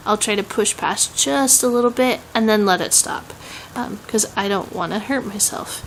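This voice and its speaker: A woman's voice: mid-range voice, moderate pace, few pauses, a little hiss or hum, low-quality recording. A young woman with a Southern US accent, chatting casually in a home vlog, rambling with many "um"s and laughs. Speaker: vlogger.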